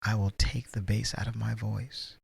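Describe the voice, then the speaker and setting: A man's voice: lowish voice, level tone, normal speed, creaky, breathy edge, no room sound. A young man co-hosting a casual chat, playfully defending himself to his partner. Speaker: co-host.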